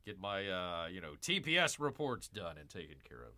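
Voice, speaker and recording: A man's voice: low-pitched, very animated, moderate pace, pushed and bright. A man hosting a livestream in casual, joking commentary, rambling through asides, repeating himself and calling himself Bear. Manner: joking, calls himself Bear in third person. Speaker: livestream host.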